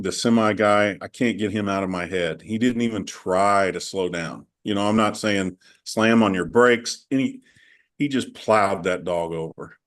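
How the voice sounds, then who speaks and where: A man on a video call with his coach, chatting candidly and rambling through a personal story. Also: on the low side. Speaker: coaching client. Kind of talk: casual call conversation.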